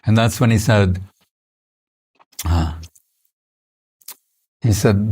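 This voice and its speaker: An older man giving an informal spiritual lecture, telling stories conversationally with many restarts and soft laughs. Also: lowish voice, slow, pauses often, slightly rough. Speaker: spiritual teacher.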